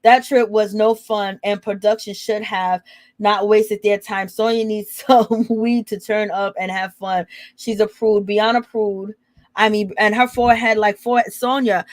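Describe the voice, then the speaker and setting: A woman hosting a casual reality TV recap, gossiping with slang and quick asides to her viewers. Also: mid-range voice, little pitch movement, dry recording. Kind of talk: casual commentary on a reality show.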